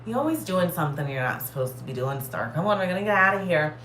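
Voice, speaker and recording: A woman voicing a nonchalant female spirit guide who talks in a calm, unhurried way. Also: reverberant, slight background noise. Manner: nonchalant, low-key.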